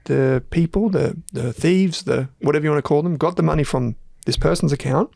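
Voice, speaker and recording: A man's voice: on the high side, vocal fry, darkish tone, no room sound, clean studio sound. A man with an Australian accent hosting a finance podcast, chatting casually with a joking, laughing manner. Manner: jokey, laughs often, quick asides. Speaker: podcast host, analyst. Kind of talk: casual chat.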